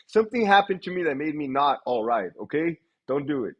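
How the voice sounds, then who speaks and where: Man, livestream host, husky and a bit high-pitched, loose and profane storyteller. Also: lo-fi sound. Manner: animated, profane, laughs often. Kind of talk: casual storytelling on a live stream.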